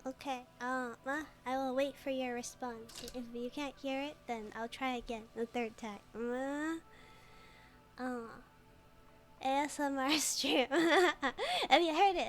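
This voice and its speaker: A woman streamer chatting and giggling while reading game text aloud, in casual gameplay commentary. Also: a little high.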